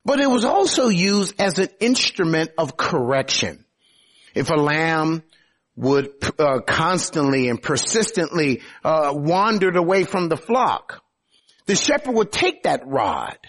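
Husky-voiced male preacher. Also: high-pitched. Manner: emphatic, conversational preaching with sudden swings in loudness. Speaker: pastor. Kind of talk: sermon.

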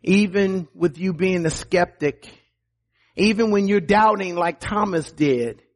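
High-voiced man preaching a sermon. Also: a little slow. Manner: emphatic preaching, repeats words, swings between high calls and low quiet lines. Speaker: pastor.

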